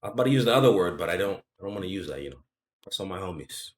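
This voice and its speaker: Male host, low and quick, lively swings, slangy and playful, fading off at phrase ends, video call. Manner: slangy, joking, trails off quietly at ends of phrases. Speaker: interview host. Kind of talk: casual video-call interview.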